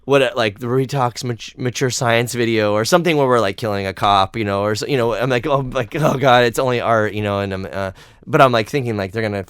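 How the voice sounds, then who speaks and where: A man hosting a podcast, chatting casually and telling rambling, animated stories. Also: mid-range voice, quick pace, smooth, no echo, studio quality. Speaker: podcast host. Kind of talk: casual interview chat.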